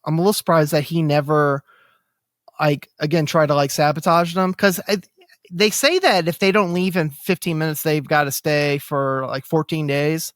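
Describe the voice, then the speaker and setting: With a slightly high, fairly bright voice and fairly even intonation, a man co-hosts a podcast at normal speed. He chats casually, rambling with many fillers and restarts, in studio-quality audio with no room sound.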